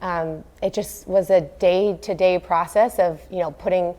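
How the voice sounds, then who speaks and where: A woman in her thirties with a somewhat low voice chats as a guest on an interview show. She talks in an earnest, animated way and uses plenty of fillers. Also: a little slow. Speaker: guest, former professional triathlete. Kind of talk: casual interview talk.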